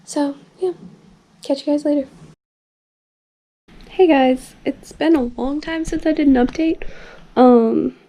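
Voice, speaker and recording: A woman's voice: high voice, slow pace, long pauses, warm tone. A young woman recording a casual video diary in her bedroom while recovering from an illness, rambling with lots of "like" and "um". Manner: rambling, full of "like" and "um" fillers. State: recovering from illness, tires easily. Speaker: vlogger. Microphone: camera filming herself.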